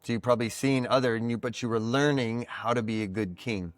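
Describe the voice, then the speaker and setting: Soft background music plays behind this medium-pitched man, who talks a little fast in a recording free of room sound. Appearing as a podcast guest and card reader, he explains ideas casually and thoughtfully, like a teacher, filling his speech with "like."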